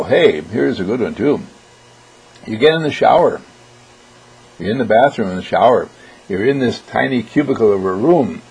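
A man giving a motivational talk, animated and often clearing his throat. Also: mid-range voice, poor audio. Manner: animated, acts out quoted voices. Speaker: motivational speaker.

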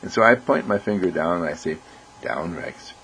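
A man giving a gentle, reflective talk, telling stories and acting out voices. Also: low voice, fast, slight background noise, rough recording. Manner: gentle, storytelling with acted voices. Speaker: speaker.

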